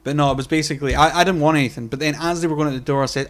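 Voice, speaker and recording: A man's voice: on the high side, steady tone, very fast, hardly any pauses, a bit bright. Man, podcast co-host, casual chat, sweary storyteller, acts out quotes.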